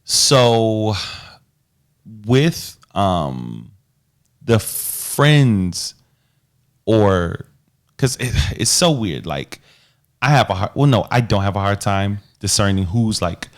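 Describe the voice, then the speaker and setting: A man's voice: lowish voice, big pitch swings, takes it slowly, long pauses. A man co-hosting a podcast, talking in an earnest, reflective way with loose casual slang. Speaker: podcast co-host. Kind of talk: casual relationship chat.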